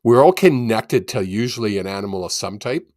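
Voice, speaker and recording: A man hosting a casual channeling session on a video call, animated and laughing often. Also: on the low side, no echo, studio quality. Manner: animated, laughs often, quick bursts of excitement. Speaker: psychic medium host.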